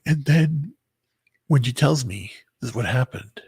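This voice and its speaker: Man, husky and gravelly, halting storyteller full of "you know"s, dry close sound. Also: medium pitch, lively intonation, darkish tone, no echo. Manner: halting and rambling, heavy filler words, bitter. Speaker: person recounting a breakup. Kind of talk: emotional personal storytelling.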